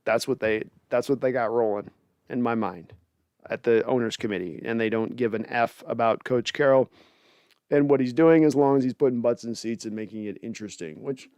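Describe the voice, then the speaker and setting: A man's voice: medium pitch, brisk, darkish tone, smooth, no room sound. A man hosting a casual post-game reaction livestream, rambling and sardonic as he vents and thanks donors. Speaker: podcast host.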